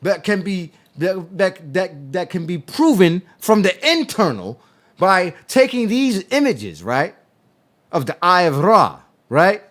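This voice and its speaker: A man hosting a casual livestream discussion, talking in a rambling, halting way with many restarts. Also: high-pitched, very animated, a bit bright. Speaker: livestream host.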